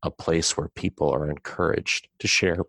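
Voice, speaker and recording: A man with a very deep, gravelly voice talks slowly and thoughtfully as a podcast host. His speech is relaxed and conversational, with a few restarts. The sound is close and dry. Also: no echo. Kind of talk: casual conversation.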